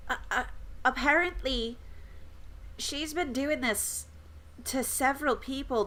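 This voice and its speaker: A woman's voice: fairly high pitch, sharp tone, rough recording. A woman speaking as her tabletop adventurer character, hesitant and apologetic, often stumbling over her words.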